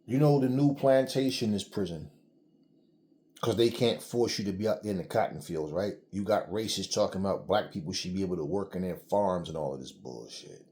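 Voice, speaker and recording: A man's voice: deep voice, a little fast, mellow. A middle-aged man giving heated solo commentary, blunt and swearing freely as he vents. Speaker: channel host.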